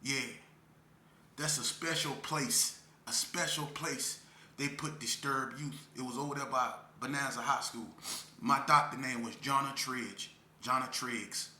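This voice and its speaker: A man's voice: mid-range voice, fairly even intonation, unhurried, pushed and bright, a little hiss or hum. A man from Las Vegas speaking earnestly and emotionally to parents, repeating phrases for emphasis as he tells his story. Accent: Las Vegas street speech. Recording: echoey room with faint ambience.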